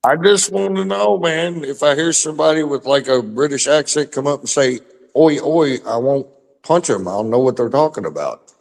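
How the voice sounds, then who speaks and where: A man's voice: a little high, expressive, moderate pace, gravelly, big-room sound. A man in a casual livestream chat, asking puzzled questions.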